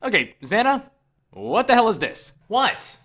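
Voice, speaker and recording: A man's voice: high voice, very animated, unhurried, pushed and bright, exaggerated voice. A man voicing a brash, crude young hero. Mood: sarcastic. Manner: sarcastic, crude. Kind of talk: comedic fan dub acting.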